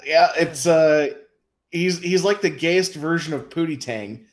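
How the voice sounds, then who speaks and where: A man's voice: on the high side, unhurried. A man co-hosting a casual commentary show, joking sarcastically about clips and laughing often. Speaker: co-host.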